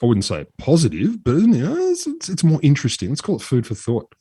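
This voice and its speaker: A man's voice: medium pitch, huge pitch swings, fast talker, warm tone, husky, no echo, clean studio sound. A man co-hosting a podcast, telling a story in a chatty, swearing, casual way. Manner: chatty, swears freely, drops into mock voices. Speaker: podcast co-host.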